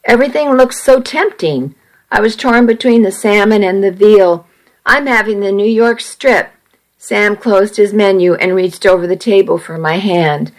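A woman reading a first-person story aloud, slowly, evenly and carefully. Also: mid-range voice, darkish tone, poor audio. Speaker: narrator.

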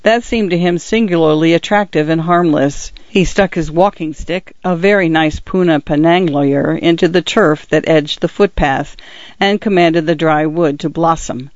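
A man narrating an audiobook as a measured, steady reader. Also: a little high, dry recording. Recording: dry, somewhat muffled recording.

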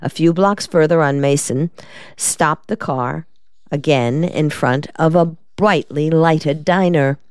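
A woman hosting a reading program, narrating an audiobook in a calm, measured way. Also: low-pitched, clean tone, dry recording, clean studio sound. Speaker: program host and reader.

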